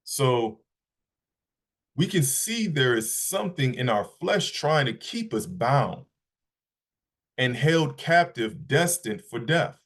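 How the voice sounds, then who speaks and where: A man's voice: mid-range voice, sing-song, fairly bright tone. A man giving a Shabbat Bible lesson, reading scripture aloud and often restarting his sentences. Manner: halting, repeats words, reads scripture aloud slowly. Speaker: Bible teacher.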